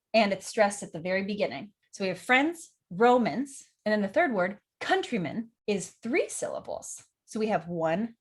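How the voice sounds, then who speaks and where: A woman's voice: medium pitch, husky. Enthusiastic woman teaching verse. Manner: enthusiastic, acts out quotes, nerdy about verse. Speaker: acting teacher and director. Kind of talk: casual educational vlog.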